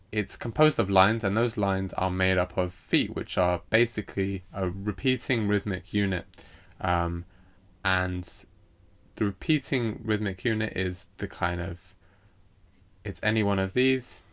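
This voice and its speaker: A man teaching a recorded poetry lesson, hesitant and full of fillers as he explains meter. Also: low voice. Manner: hesitant, lots of fillers and restarts; reads poetry lines aloud slowly with stress.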